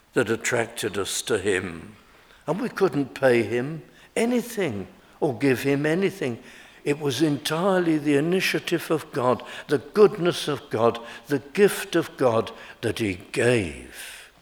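A man preaching a sermon, slow and emphatic, rising in pitch and force on key words. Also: big-room sound.

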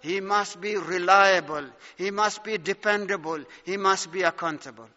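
A male preacher delivers a fervent sermon in a bright, high voice, piling up rhetorical questions and calling out to his dear friends. His words ring out with a long hall reverb on a dull, lo-fi recording. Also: moderate pace.

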